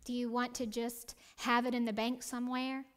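A middle-aged woman teaching a Bible study, telling a personal story with animated, acted-out lines and whispered prayer. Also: on the high side, normal speed.

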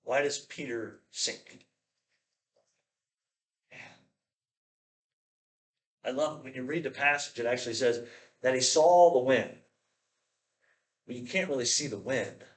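A pastor preaching a sermon, animated and playful, often acting out the voices of the people in his stories. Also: mid-range voice, slow, long pauses, reverberant.

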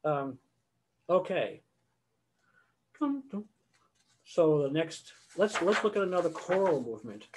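An older man lecturing on choral conducting over a video call, his voice sitting a little high for a man. He talks in a loose, conversational way and now and then sings short phrases to show how they should sound. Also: animated, normal speed, background noise. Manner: conversational, sings example phrases mid-explanation.

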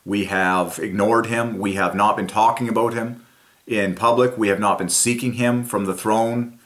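A man voicing an imagined male politician who makes a solemn, humbled public confession, in a slightly lower and quieter voice. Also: fairly even intonation, moderate pace, natural voice. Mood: confessing.

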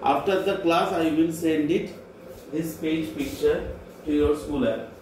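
Man, teacher, slow patient dictation, spells words letter by letter, echoey classroom, faint hum. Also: fairly high pitch, a little mellow. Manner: repeats each word and spells it out patiently. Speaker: French teacher.

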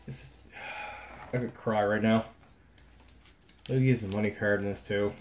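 A young man casually talking through opening trading card packs on a vlog, frustrated, swinging between low muttering and sudden outbursts. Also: steady tone, normal speed, a little hiss or hum. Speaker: card pack opener.

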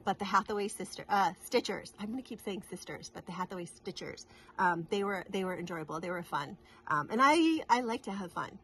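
A woman's voice: mid-range voice, fairly bright tone, a little hiss or hum. A middle-aged woman from New England, chatting casually to camera in a rambling, giggly way with many restarts. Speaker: cross-stitch vlogger.

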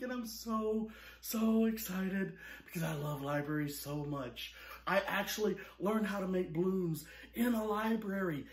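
A man's voice: high voice, moderate pace, slightly rough. A man performing a children's story, telling it in an exaggerated, melodramatic way with gasps and mock horror and talking straight to young viewers. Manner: animated, jokey, talks straight to young viewers. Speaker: balloon artist and children's performer.

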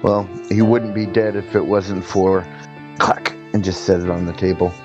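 A man playing a tabletop game, talking casually and haltingly over background music. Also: low-pitched, steady tone, lo-fi sound. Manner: halting, with fillers and restarts. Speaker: player.

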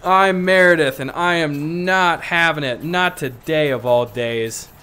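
A man putting on a voice for a drunk, grumpy middle-aged office woman, grumbling slowly. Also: a little high, bright, forceful tone, clear, resonant tone.

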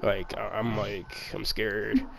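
A man's voice: lowish voice, flat delivery, slow pace, creaky, rough recording. A man casually telling a rambling, profanity-laced story, acting out bits of dialogue, with crowd chatter behind. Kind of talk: casual chat.

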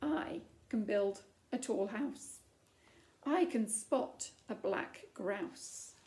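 A woman's voice: medium pitch, expressive, very slow, darkish tone, slight background noise. A woman voicing a spirited, defiant young princess in a children's story, boasting boldly. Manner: bold, determined boasting.

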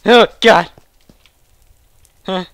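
A young man giving excited, shouting gameplay commentary with a gravelly voice. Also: sits high, very slow. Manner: shouting, laughing, hyper reactions. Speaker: gaming channel host.

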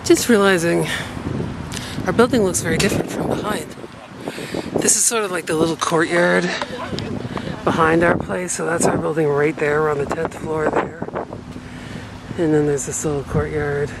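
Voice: medium pitch, fairly even intonation, normal speed, creaky, long pauses. Chatty vlogger filming outdoors. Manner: chatty, coaxing a dog while filming. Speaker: daily vlogger. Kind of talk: casual vlog narration to camera. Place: outdoor courtyard behind a tall building in cold weather. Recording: noisy handheld camera recording.

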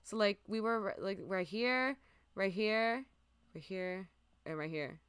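A young woman streaming a game, chatting casually and listing what she sees, sometimes dropping to a soft near-whisper. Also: medium pitch, unhurried, clean tone, no echo. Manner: chatty, lists items aloud, drifts into soft near-whispers. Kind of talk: casual gameplay commentary.

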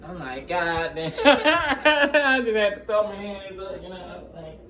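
A man's voice: sits high, lively intonation, slow, pushed and bright. A man chatting casually to his channel, rambling in slang and laughing often as he jumps between topics, recorded on a phone. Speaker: gaming YouTuber. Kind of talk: casual vlog chat.

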